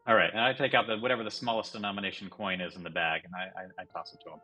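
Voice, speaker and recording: A male player in a tabletop game with a husky, low voice. He describes his actions haltingly and repeats words, with faint music behind him. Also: little pitch movement, sharp tone, lo-fi sound.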